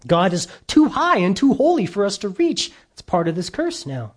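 A man preaching a sermon, earnest and emphatic, lifting his voice for stress and slowing on key phrases. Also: high voice. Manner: earnest, emphatic, with lively rises and drawn-out slow phrases. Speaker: pastor.

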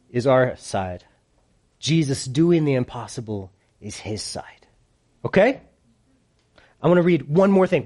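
A man preaching a sermon to a congregation with kids present, animated and playful, swinging from hushed lows to loud peaks. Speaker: pastor.

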